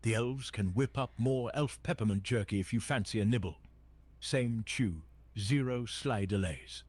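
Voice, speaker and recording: A text-to-speech male voice playing a jolly old Santa Claus chatbot, reading his stage directions aloud in a steady, husky patter. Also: fairly low pitch, moderate pace.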